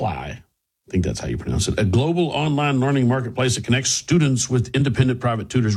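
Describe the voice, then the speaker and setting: A man's voice: mid-range voice, sing-song, normal speed, a little mellow, husky. A man hosting a talk radio show, delivering an emphatic, opinionated monologue with sarcastic asides.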